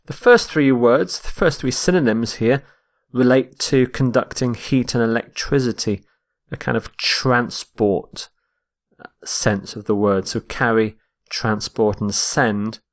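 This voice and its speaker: A man teaching English vocabulary, explaining each word slowly and repeating it to show where the stress falls. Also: mid-range voice. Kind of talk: slow, explained vocabulary lesson.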